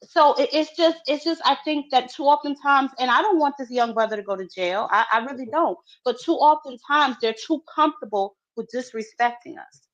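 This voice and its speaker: Female panelist, measured and deliberate, dull lo-fi remote audio. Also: sits high. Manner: measured, builds her point in long run-on questions. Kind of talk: heated sports talk debate.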